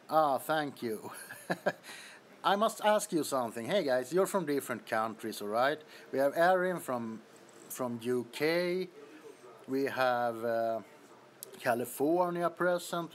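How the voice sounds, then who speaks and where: A man chatting casually on a livestream from an apartment, greeting viewers and laughing often, recorded on a phone. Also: mid-range voice. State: sweaty from heat. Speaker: livestream host. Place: apartment bedroom.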